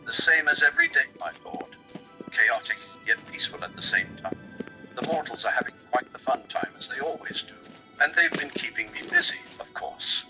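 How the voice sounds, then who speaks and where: A man's synthetic voice playing a polite, gently teasing chamberlain who serves a mad god, with music behind him. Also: medium pitch, wildly swooping pitch, normal speed, low-quality recording. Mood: courtly. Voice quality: smooth synthetic voice. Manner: formal, courtly, gently teasing. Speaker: AI chat character.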